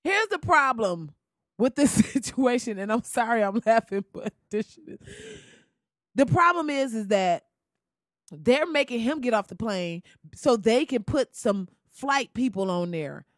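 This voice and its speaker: A young adult woman delivering a loud, profane comedic rant, laughing and swearing as she tells the story. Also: a little high, expressive, unhurried, no room sound, clean studio sound. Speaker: commentator.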